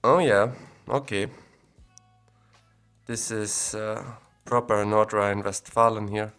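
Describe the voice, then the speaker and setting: A man's voice: lowish voice, slow, soft background music. A man giving casual, think-aloud commentary while exploring places on a map, recorded on a separate audio recorder. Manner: thinking aloud, relaxed and chatty.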